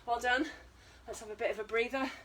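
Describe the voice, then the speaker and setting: British woman fitness instructor, high voice, breathless, coaching live; mic set back, faint hiss. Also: fairly even intonation, fairly quick, distant mic. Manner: encouraging, counting down and coaching while exercising. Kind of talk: online exercise class.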